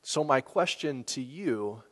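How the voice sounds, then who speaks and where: A man preaching a sermon in a relaxed, conversational way, asking the listeners questions and laughing now and then. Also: medium pitch, takes it slowly, husky. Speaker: pastor. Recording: long hall reverb.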